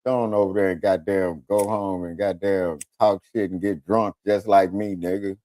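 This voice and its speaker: A man's voice: sits low, moderate pace, background noise. A man hosting a radio talk show, telling profane, comedic stories and often slipping into the voices of other people. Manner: animated storytelling, switches into voices of others.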